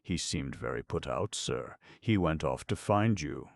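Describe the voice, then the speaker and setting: Disapproving club servant, cool and correct, read by a deep-voiced man. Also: expressive, a little slow, creaky, no room sound, studio quality, full character voice. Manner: coldly deferential. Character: stiff, disapproving male club cloakroom attendant.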